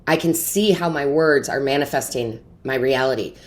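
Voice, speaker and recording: A woman's voice: a bass voice, moderate pace. A woman giving an intuitive tarot reading straight to camera, earnest and emotional, often checking in with "right?" and "okay?". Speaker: tarot reader and medium.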